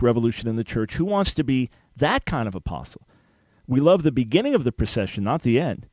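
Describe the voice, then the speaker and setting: A man's voice: medium pitch, darkish tone, no room sound. A man hosting a Christian talk radio show, teaching emphatically and quoting scripture like a preacher.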